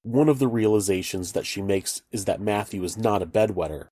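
A man narrating a true-crime video in a flat, matter-of-fact way. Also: lowish voice, brisk, breathy edge, no echo.

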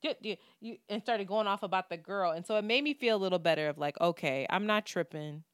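A woman's voice: mid-range voice, animated, quick pace, smooth, no echo, studio quality. A woman, co-hosting a podcast and telling a story in casual, profane talk, acting out what people said. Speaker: podcast co-host.

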